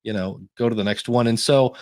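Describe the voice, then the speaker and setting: Man, podcast co-host, casual advice, rambling anecdotes, mid-pitched, dry close sound. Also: a little fast, dry recording. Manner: rambling anecdotes with many restarts.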